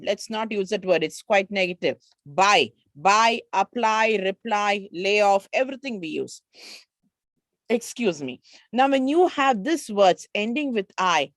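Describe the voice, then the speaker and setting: A woman with an Indian English accent and a mid-range voice teaches an online grammar lesson, patiently explaining spelling rules and reading out lists of words. There's no room sound in the recording.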